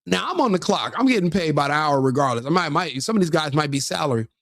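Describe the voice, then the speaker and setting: A man with a somewhat high voice gives profane reaction commentary, brash and combative, laughing at his own jokes. The sound is dry and close. He keeps up a mocking, scornful tone. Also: expressive, fast, a bit bright, no room sound. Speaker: online commentator reacting to a video.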